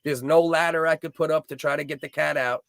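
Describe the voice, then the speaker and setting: A man's voice: a little high, fairly even intonation, fast, gravelly, fairly bright tone, dry recording, studio quality. A man, hosting a casual livestream and telling rambling, profane, heated stories. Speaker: livestream host.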